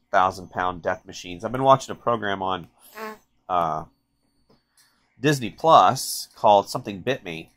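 A man's voice: deep voice, a bit bright. Chatty man narrating a drawing session. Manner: rambling, chatty, self-interrupting. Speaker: artist and channel host. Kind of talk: casual drawing tutorial narration.

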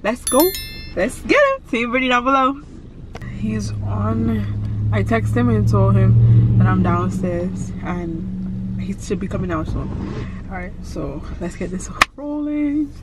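Slangy woman vlogging from her car. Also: mid-range voice. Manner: animated, slangy, quick. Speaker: vlogger pranking her husband. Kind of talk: casual vlog and staged argument. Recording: road noise in a car.

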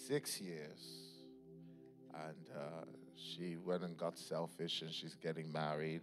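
A low-pitched man speaks at a measured pace amid crowd noise and music. As pastor, he trades jokes and laughter with the congregation before turning to prayer and fervent prophetic declarations.

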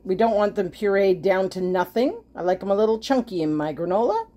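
Talking while she cooks, a woman running a homesteading channel demonstrates a recipe in her own kitchen in a chatty, self-deprecating way. She speaks at a medium pitch, very animated and fairly quick, with a warm tone.

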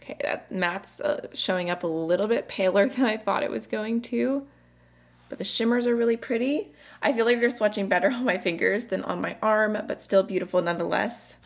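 A woman's voice: mid-range voice, fairly quick. Bubbly young woman reviewing makeup. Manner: bubbly and chatty, laughs often. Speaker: beauty vlogger. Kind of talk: casual makeup review chat.

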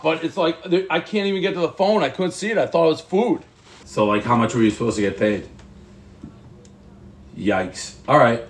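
A man's voice: medium pitch, slightly rough. A man giving a casual, rambling and profane pizza review, telling stories as he eats. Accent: Boston. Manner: rambling, profane, animated storytelling.

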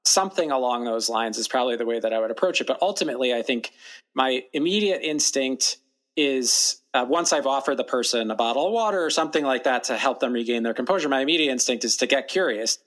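A man co-hosting a podcast, giving measured, thoughtful advice and acting out example lines he might say to a colleague. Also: mid-range voice, expressive, fairly bright tone. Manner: measured, hedging, voices example dialogue. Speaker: podcast co-host.

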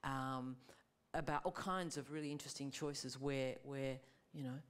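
A woman's voice: a bass voice, steady tone, normal speed, smooth. A woman, a film director speaking thoughtfully on a live panel, searching for her words. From Australia. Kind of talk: panel discussion. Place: live gallery panel event.

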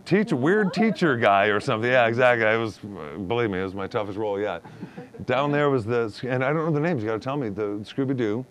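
A man's voice: medium pitch, lively intonation, fast. A middle-aged man, an actor guest, telling showbiz stories in a casual, joking, self-deprecating way. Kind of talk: casual podcast chat, storytelling.

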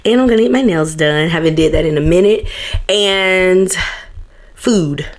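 A woman in her thirties chatting casually to her vlog viewers, emotional and quick to get teary. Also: on the low side. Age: 30s. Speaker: vlogger.

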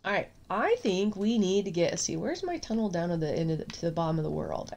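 A woman's voice: medium pitch, lively intonation, fairly quick, hardly any pauses, background noise. Stuffy-nosed woman chatting over gameplay. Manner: chatty, rambling, sing-song repetitions. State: stuffy nose. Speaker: gaming video host. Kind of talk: casual gameplay commentary. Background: faint clinking of dishes.

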